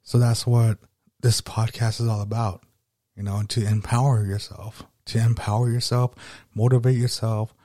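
A man's voice: medium pitch, little pitch movement, normal speed, mellow, no room sound, clean studio sound. A man hosting a solo motivational podcast, rambling and swearing casually as he talks. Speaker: podcast host.

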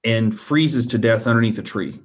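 A man's voice: lowish voice, normal speed. A man telling a personal story as a guest, earnest and repetitive, often checking in with the listener.

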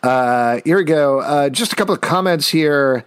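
A man co-hosting a podcast in casual chat, animated and ranting, laughing and reading listener comments. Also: on the high side, normal speed, clear, resonant tone, no echo. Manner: animated, ranting, laughs and puts on silly voices. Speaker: podcast co-host.

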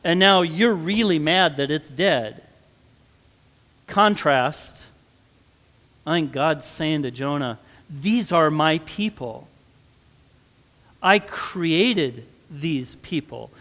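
A man's voice: fairly high pitch, animated, drawn-out words, long pauses, fairly bright tone. A man with a Midwestern American accent preaching a sermon, conversational and then rising to emphatic stresses. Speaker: pastor. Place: church sanctuary. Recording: long church reverb.

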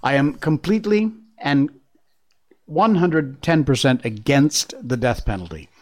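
A man's voice: mid-range voice, lively intonation, measured pace. A middle-aged man hosting an online news commentary show, emphatic and sarcastic, often laughing at the news he covers. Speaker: host. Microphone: studio mic with earpieces.

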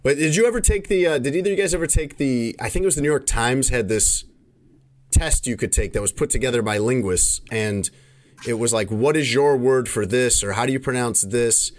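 A man's voice: medium pitch, fairly quick. A man from Chicago chats on a podcast in an everyday, mid-range voice. He wanders through long stories and often stops to correct himself. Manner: rambling, self-correcting storyteller. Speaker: podcast host. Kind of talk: casual chat.

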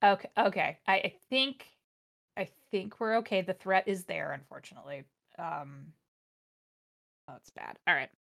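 A woman's voice: fairly low pitch, moderate pace, gravelly, pauses often, fairly bright tone. A woman hosting a podcast, reading a fanfiction aloud in a casual comedic way, sardonic and often groaning at the text. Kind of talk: casual comedic read-along.

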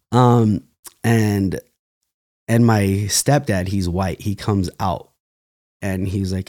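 Young guy from cali, lowish voice, rambly storytelling, lots of laughs. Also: fairly even intonation, measured pace, a little mellow. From California. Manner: loose, rambling, laughs often, restarts. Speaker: podcast guest, dancer. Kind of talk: casual storytelling interview.

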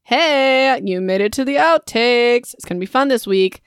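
A woman's voice: on the high side, lively intonation, moderate pace, clean tone, no room sound, studio quality, soft background music. A young adult woman hosting a casual book podcast, chatty and self-mocking, laughing at her own slips into a home microphone. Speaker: podcast host.

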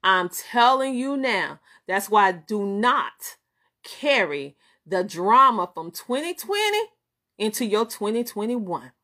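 A woman's voice: medium pitch, big pitch swings, slow, bright, forceful tone. A middle-aged woman with a Southern American accent, a business coach and host giving a motivational live-stream talk, preachy and emphatic, repeating phrases for effect. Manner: greets viewers by name and laughs easily.

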